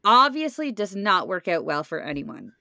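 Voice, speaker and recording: Woman, podcast co-host, casual chat, leads the recap, laughs often, bright tone, dry sound. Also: mid-range voice, very animated, moderate pace, vocal fry, no room sound.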